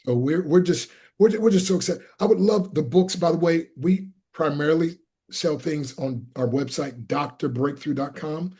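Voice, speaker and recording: A man's voice: normal speed, breathy edge. A man from Pennsylvania, a motivational speaker and evangelist, telling stories as an interview guest and acting out the people he quotes. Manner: animated, acts out quoted people with big pitch jumps. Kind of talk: storytelling in an interview.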